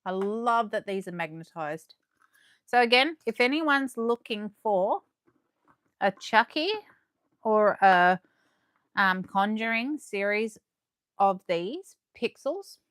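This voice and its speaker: A woman chatting excitedly to viewers as she unboxes collectibles live, her voice going a little hoarse. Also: mid-range voice, takes it slowly, long pauses, no echo, studio quality. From Australia. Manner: chatty and excitable, gasping and laughing, talking to viewers. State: losing her voice. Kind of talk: casual live unboxing chat.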